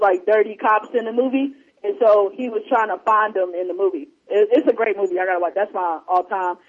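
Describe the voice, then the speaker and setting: A man chatting casually and retelling movie scenes in a rambling, animated way. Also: high-pitched. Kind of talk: casual chat. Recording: muffled lo-fi audio.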